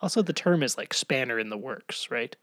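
A man's voice: medium pitch, animated, brisk, a bit bright, no room sound. Chatty man with a dry close sound. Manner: chatty, full of trivia and asides. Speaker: podcast co-host. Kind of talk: casual quiz chat.

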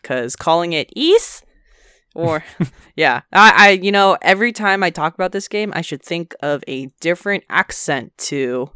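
A woman's voice: lowish voice, animated, measured pace, fairly bright tone, clean tone, no echo, clean studio sound. A young woman co-hosting a casual gaming chat, easygoing and laughing along. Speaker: podcast co-host. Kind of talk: casual chat about video games.

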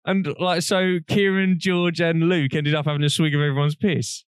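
A man's voice: a little high, flat delivery, normal speed, few pauses, clean tone, dry recording, studio quality. A young man, co-hosting a podcast and telling a long, rambling story in casual chat, laughing often and swearing freely. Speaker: podcast co-host.

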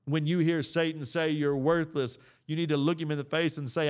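Earnest man preaching with smooth clarity. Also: on the high side, level tone, a little fast, few pauses. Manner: earnest, exhorting, with casual fillers. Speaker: podcast host. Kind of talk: preaching-style talk.

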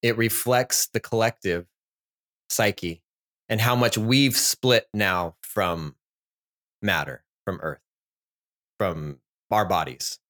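A man's voice: fairly low pitch, takes it slowly, long pauses, a bit bright. Reflective man musing on a podcast. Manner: reflective, musing on psychology and myth. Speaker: podcast co-host. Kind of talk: casual podcast chat.

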